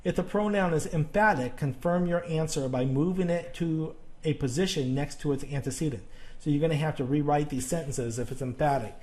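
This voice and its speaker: A man's voice: a little high, a little mellow. A man teaching a grammar lesson on video, explaining patiently step by step and often checking in with "okay?".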